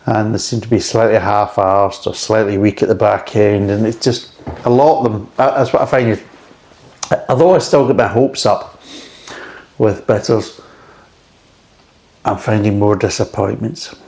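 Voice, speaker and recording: A man's voice: lowish voice, steady tone, normal speed, pauses often, a little mellow. A middle-aged man chatting casually and frankly as he reviews a beer, rambling between thoughts.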